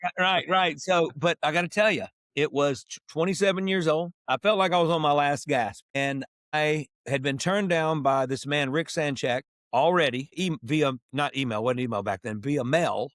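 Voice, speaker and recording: A man's voice: a little high, dry recording, studio quality. A man in his sixties, a podcast co-host and musician, telling stories in casual chat and acting out the dialogue he quotes. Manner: animated, acts out quoted dialogue.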